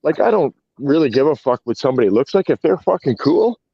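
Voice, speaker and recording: A man's voice: on the high side, sing-song, fast, gravelly, slightly rough, no echo, highs cut off. A man co-hosting a casual podcast chat, emphatic and swearing often. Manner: emphatic and profane.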